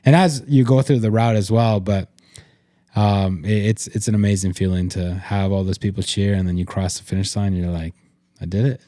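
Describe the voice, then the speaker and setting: A man's voice: low-pitched, steady tone, brisk, mellow, dry recording, clean studio sound. A young man co-hosting a podcast, talking encouragingly with his partner, with small stutters and repeats. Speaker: podcast co-host. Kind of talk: casual conversation with partner.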